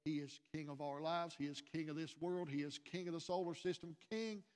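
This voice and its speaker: A male pastor preaches earnestly, repeating phrases and swelling louder on key lines. His voice sits a little higher than most men's, and a long reverb hangs behind it as in a church sanctuary. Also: fairly even intonation, a little fast, clean tone. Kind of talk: sermon.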